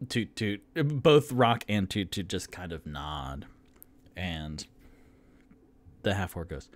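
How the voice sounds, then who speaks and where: A man narrating a solo tabletop roleplaying game as game master, with a low voice and a lively, swinging pitch. He talks slowly and casually, rambling and often correcting himself.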